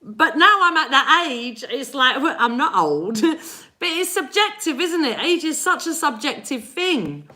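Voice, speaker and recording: A woman's voice: sits high, very animated, unhurried, sharp tone. A woman in her forties from England with an English accent, chatting with viewers on a live stream and laughing often. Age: 40s. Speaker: energy reader doing live readings.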